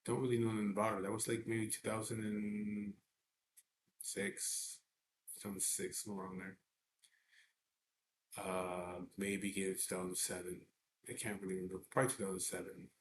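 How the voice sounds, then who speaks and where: A man's voice: sits low, level tone, moderate pace, long pauses. A middle-aged man, telling a personal story in a blunt, profane, casual way. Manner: blunt and profane, with double negatives. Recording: echoey room with faint background noise.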